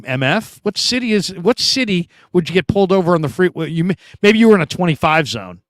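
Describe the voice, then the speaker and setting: A middle-aged man from California hosting a sports show, chatting casually through live comments and telling stories with animated quoted voices. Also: high-pitched, fairly quick, hardly any pauses, dry recording, studio quality. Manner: animated storytelling, laughs often, acts out quoted voices.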